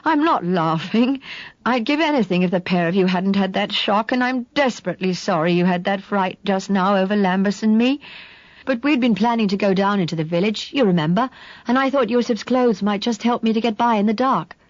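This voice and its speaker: A woman doing a low, calm young man. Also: a little fast, no room sound, lo-fi sound, close to an everyday voice. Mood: soothing. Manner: calm, gentle and reassuring. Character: steady protective young Englishman.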